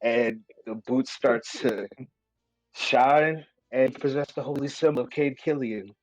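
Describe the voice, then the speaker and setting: A man's voice: medium pitch, a little slow, low-quality recording. A man playing a tabletop game, casual and profane, laughing often. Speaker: player. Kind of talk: tabletop game banter and in-character narration.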